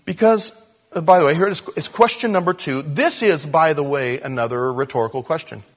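A man preaching a sermon, shifting between soft hushed moments and loud, animated storytelling. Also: fairly high pitch, a little fast. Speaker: pastor.

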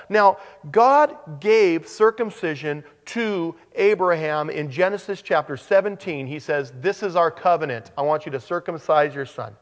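A man preaching a sermon, animated, with joking asides and frequent restarts. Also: on the high side, in a large hall. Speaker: pastor.

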